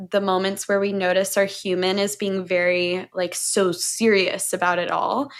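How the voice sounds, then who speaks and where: A woman guest on a podcast, talking candidly and animatedly, swearing freely and laughing as she tells stories about relationships. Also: mid-range voice. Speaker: podcast guest, breathwork mentor. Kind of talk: casual podcast conversation.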